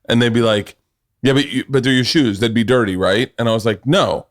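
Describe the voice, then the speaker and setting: A middle-aged man hosting a podcast, telling animated stories in casual chat, swearing freely and laughing as he talks. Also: mid-range voice, a little fast. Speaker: podcast host.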